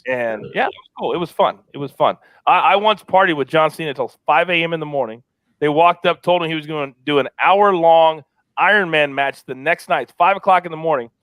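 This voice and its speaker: A man hosting a sports betting show, loud and energetic as he wraps up and plugs the show. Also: a little high, brisk, dry recording. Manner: loud and energetic, plugging and wrapping up. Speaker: host.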